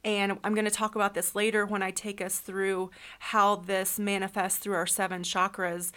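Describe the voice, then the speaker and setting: A woman's voice: mid-range voice, level tone, moderate pace, a bit bright. A woman giving a reflective spiritual self-help talk, asking the listener many questions in an earnest way. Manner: uses fillers like um and you know. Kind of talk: solo spiritual talk, podcast-like.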